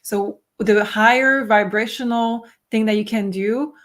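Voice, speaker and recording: A woman's voice: a little high, steady tone, a little slow, fairly bright tone. A woman tarot reader who is losing her voice, giving earnest advice in a casual chat and sometimes correcting herself.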